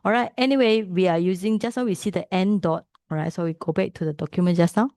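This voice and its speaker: A woman with a Malaysian English accent teaching Pali pronunciation, patiently repeating sounds slowly. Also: lowish voice, a little mellow, no echo, clean studio sound. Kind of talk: pronunciation lesson.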